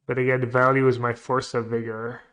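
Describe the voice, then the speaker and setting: A man's voice: mid-range voice, flat delivery, moderate pace. Man muttering through a card game. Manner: muttering, trailing off quietly; joking banter with chat. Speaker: streamer playing a card game. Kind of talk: thinking aloud while playing.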